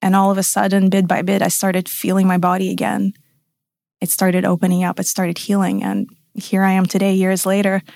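A woman in her thirties shares her personal story as a podcast guest. She is frank and emphatic and swears freely. Her voice has a gravelly fry, and the close, dry mic catches it. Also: mid-range voice, brisk, a little mellow, no echo.

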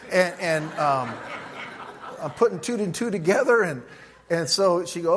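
Man, middle-aged, pastor, teaching sermon, animated storytelling, slightly high voice. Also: moderate pace, husky. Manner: animated storyteller acting out both sides of the dialogue.

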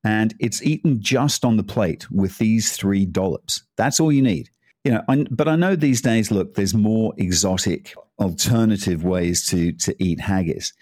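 A man's voice: lowish voice, measured pace, darkish tone, dry recording, studio quality. A man giving a casual, chatty cooking talk, rambling into asides and laughing as he goes. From Scotland. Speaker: cooking presenter.

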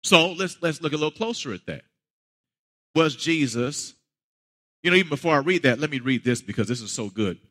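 A man's voice: on the high side, lively intonation, a little fast, pauses often, bright, forceful tone. Preaching man in a big hall. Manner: conversational preaching, rising to emphatic peaks. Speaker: pastor. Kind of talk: sermon.

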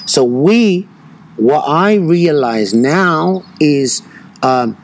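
A man who teaches breathwork retreats, talking slowly and reflectively in an interview, with many pauses and fillers. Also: a little high, expressive, low-quality recording.

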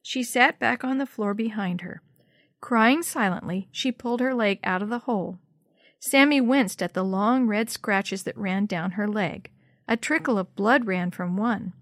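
A woman narrating a children's story in a steady, clear read-aloud style. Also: mid-range voice, a little slow, dry recording, clean studio sound.

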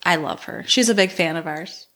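A woman co-hosting a podcast in casual chat, animated and quick to laugh as she tells stories. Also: lowish voice. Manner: animated, laughs often, lively storyteller. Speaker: podcast co-host.

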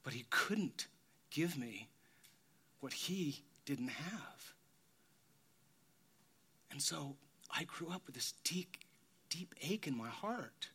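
A middle-aged male pastor delivers a sermon at an unhurried, deliberate pace. His voice sits a little high and sometimes falls to a near whisper as he speaks from the heart. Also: a bit bright. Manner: slow, heartfelt, drops to a whisper at times.

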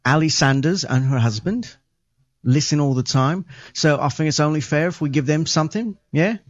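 A man's voice: fairly high pitch, moderate pace, no room sound. A man hosting a casual podcast, loose and jokey, with plenty of ums. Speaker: podcast host. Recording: dull lo-fi audio.

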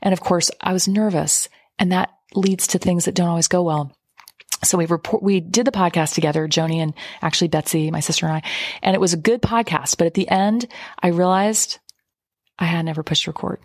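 A woman's voice: fairly low pitch, fairly even intonation, a little fast, darkish tone, slightly rough, no echo, studio quality. A middle-aged woman hosting a podcast, telling a personal story in a chatty, emotional way and laughing often. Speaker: podcast host. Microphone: remote recording.

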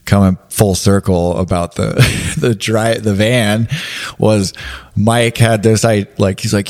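A man who is an adaptive athlete, telling stories in a relaxed podcast chat with frequent laughter. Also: on the low side, slow pace. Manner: laughing, animated storyteller. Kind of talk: casual storytelling.

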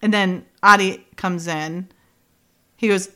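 Speaking at normal speed, a woman with a mid-range, somewhat bright voice co-hosts a casual podcast. She recaps a TV episode with energy, quoting characters and breaking into laughs.

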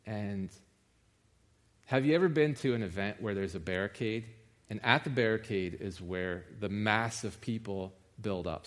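Man preaching a casual, lower-pitched sermon. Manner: conversational, rising with emphasis.

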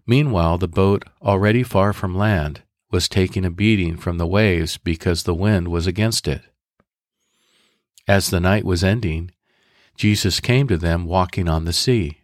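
A man hosting a devotional podcast, giving measured, deliberate instructions for prayer and guided meditation. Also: deep voice, no echo, studio quality.

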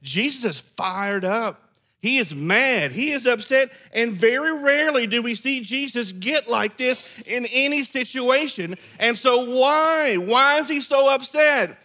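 A man preaching a sermon, animated and acting out scenes in character voices. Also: very high-pitched, measured pace. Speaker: pastor.

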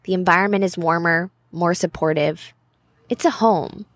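A woman narrates a travel podcast in a scripted but conversational way. Her voice sits a little low and is recorded dry and close. Her storytelling sounds friendly. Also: moderate pace, no room sound.

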